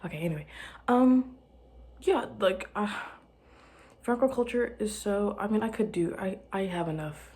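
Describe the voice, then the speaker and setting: A woman's voice: medium pitch, unhurried, long pauses, mellow. A tired young woman from Arkansas with a light Southern lilt, rambling casually on her solo podcast and often dropping to a whisper. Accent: light Southern American. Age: young adult. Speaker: podcast host.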